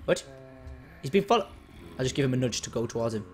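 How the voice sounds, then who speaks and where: A man's voice: medium pitch, expressive, quick pace, a little hiss or hum. A man giving casual commentary while playing a game, joking around and slipping into mock gangster talk. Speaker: gaming YouTuber.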